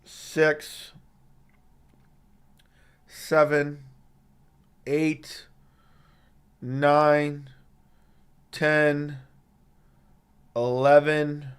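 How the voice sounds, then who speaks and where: With a slightly high voice that barely moves in pitch, this man draws out his words and leaves long pauses, his tone clean. He has a sore throat and reads viewer comments on a casual live stream, swearing bluntly as he trash-talks chat into a studio dynamic microphone.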